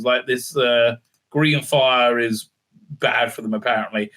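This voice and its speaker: A man's voice: medium pitch, measured pace, pushed and bright. A man giving a casual, sarcastic recap and review in a rambling way, with many filler sounds. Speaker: video reviewer.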